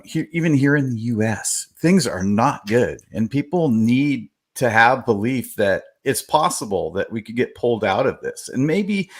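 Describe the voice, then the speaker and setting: A man co-hosting a talk radio show, meandering with many fillers as he shares his views. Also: mid-range voice. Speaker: radio co-host. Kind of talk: casual talk radio discussion.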